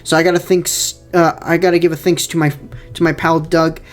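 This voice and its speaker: A man's voice: fairly high pitch, level tone, fairly quick, faint music behind. Rambling young man giving casual commentary. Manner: rambling, many fillers and repeated words. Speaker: fan filmmaker giving director's commentary.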